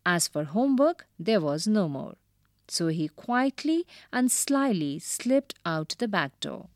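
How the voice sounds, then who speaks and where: Slow, expressive woman reading a storybook. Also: fairly low pitch, no room sound, clean studio sound. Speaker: teacher. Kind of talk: reading a storybook aloud with vocabulary lessons.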